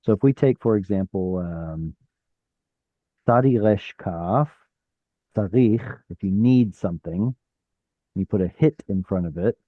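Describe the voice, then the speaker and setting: A man's voice: low-pitched, unhurried, pauses often, dry recording, narrow, tinny audio. A man teaching an online Hebrew class, explaining step by step, sounding out letters and correcting himself as he goes. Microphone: video call.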